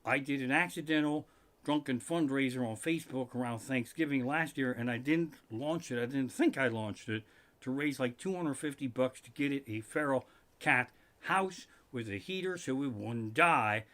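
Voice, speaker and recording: A man doing a live-streamed comedic rant from his living room, profane and animated with sudden outbursts. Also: medium pitch, moderate pace. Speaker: comedian host.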